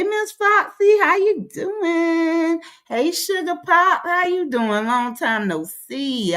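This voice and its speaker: A woman running a casual livestream, loose and chatty. She calls out viewers' names in a raised sing-song tone. In between she talks bluntly and rambles, with plenty of filler words. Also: on the low side. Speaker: livestream host.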